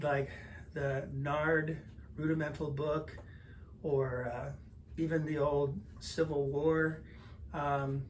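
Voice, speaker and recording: A man's voice: a little high, slight background noise. Older male drum teacher, count-ins. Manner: relaxed, explanatory, counts in before playing. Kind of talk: instructional lesson talk.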